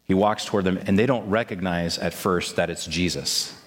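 A man's voice: deep voice, moderate pace. Man preaching in a reverberant hall. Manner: animated storytelling, acts out voices of disciples. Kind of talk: sermon.

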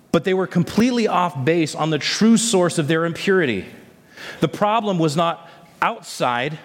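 A male pastor delivering a sermon, asking the congregation rhetorical questions and tossing in "amen?" asides. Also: fairly high pitch. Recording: long hall reverb.

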